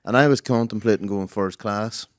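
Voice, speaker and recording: A man's voice: fairly low pitch, normal speed, no room sound. A young man, co-hosting a podcast in a studio, talking in laid-back casual chat with dry quips. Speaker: podcast co-host.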